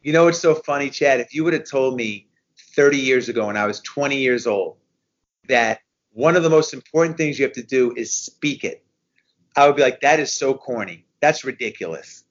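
Animated fifty-something man telling stories. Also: mid-range voice, moderate pace, lo-fi sound. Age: 50s. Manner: animated storyteller, repeats himself, restarts. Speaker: guest, endurance racer. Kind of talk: casual podcast conversation.

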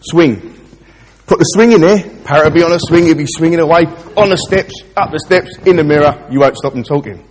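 A man's voice: a little high, lively intonation, quick pace, a little mellow, long reverb tail, close to an everyday voice. A man doing a blunt pet shop owner. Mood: confident.

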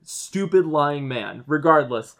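A man's voice: on the high side, animated, slow pace, a bit bright. A man in his thirties co-hosting a podcast, ranting about a movie in casual, profane chat full of "like". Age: 30s. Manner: ranting, profane, heavy use of "like". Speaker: podcast co-host.

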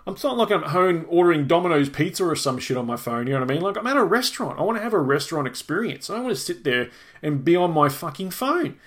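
A man's voice: a little high, lively intonation, fast talker, a bit bright. A middle-aged man, co-hosting a podcast and telling a long, exasperated, swear-filled complaint in a casual way. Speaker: podcast co-host. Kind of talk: casual ranting storytelling.

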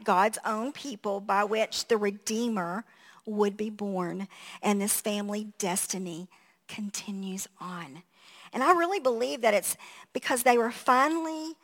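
Preaching a sermon, this middle-aged woman pastor speaks at medium pitch. She's animated as she shares humorous family anecdotes, laughing at herself along the way.

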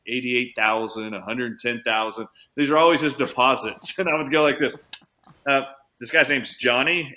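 A man who works as a chiropractor, telling an animated story as an interview guest, changing his pace for emphasis. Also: mid-range voice. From United States. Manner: animated anecdote-teller, speeds up and slows down for emphasis. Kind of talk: conversational storytelling.

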